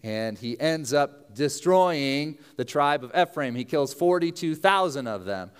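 A male pastor preaches in a relaxed, conversational manner, dropping into quick acted voices for the people he talks about. His voice is smooth and resonant, and it rings out with the long reverb of a large hall. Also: fairly high pitch. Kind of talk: sermon.

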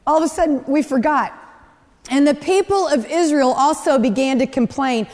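Woman preacher, high voice, chatty animated sermon, big echoey hall. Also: moderate pace. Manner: animated, conversational storytelling with voiced asides.

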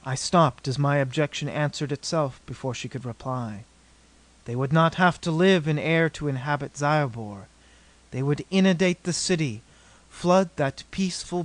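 Man, audiobook narrator, steady measured reading, fairly high voice, dry close recording. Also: dry recording.

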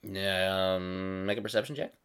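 A man's voice: sits low, steady tone, a little slow, a bit bright. A man running a tabletop game as game master, narrating casually with plenty of fillers.

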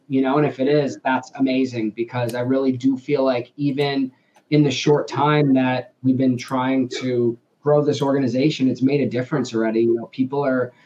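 A man's voice: medium pitch, a little mellow, slight background noise. Earnest guy filmmaker chatting on a call, lots of um and you know, kinda dull lo-fi sound. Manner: earnest, rambling with many fillers. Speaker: guest, filmmaker. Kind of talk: casual interview talk.

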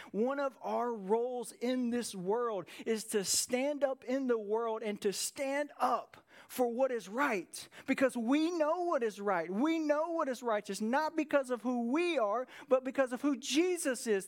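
A man preaching a sermon in a high, bright-sounding voice. He speaks to the congregation like he is chatting with them, dropping in quick "right?" tags and briefly acting out the lines he quotes. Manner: acts out short quoted lines in lively voices. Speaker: pastor.

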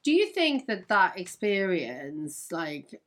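A woman hosting a casual podcast chat, speaking in a measured, reassuring way. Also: fairly low pitch, very animated. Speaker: podcast host, wholesale coach.

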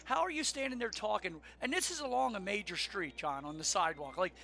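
A middle-aged man co-hosting a casual chat show, talking in an animated, emphatic rant. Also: sits high, a little fast, vocal fry. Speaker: podcast co-host.

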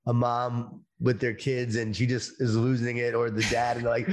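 A middle-aged man speaking as an interview guest, talking about leadership in a slow, emphatic motivational way over a video call. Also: mid-range voice, gravelly.

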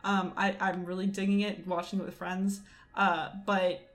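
A young adult woman co-hosting a casual chat, rambling and animated, full of fillers. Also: medium pitch, normal speed.

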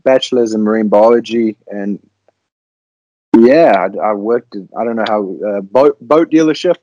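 A man's voice: lowish voice, moderate pace, warm tone, dry recording, highs cut off. Laid-back South African man. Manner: laid-back, self-deprecating. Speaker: podcast guest, fishing guide. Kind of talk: casual chat over a video call. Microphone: video call.

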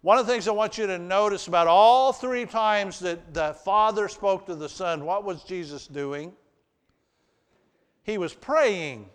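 Slow, earnest preacher in a reverberant hall. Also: male voice, high-pitched, smooth. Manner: swings between loud emphasis and hushed, earnest delivery. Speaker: pastor. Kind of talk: sermon. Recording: long reverb of a large hall.

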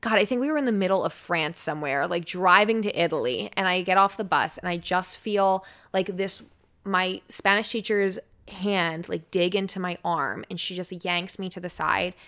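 Smooth-voiced chatty woman in her twenties. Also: fairly low pitch, moderate pace, fairly bright tone. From United States. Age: 20s. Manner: chatty, filler-heavy with frequent "like" and "um". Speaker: podcast guest, radio personality. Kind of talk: casual chat, personal storytelling.

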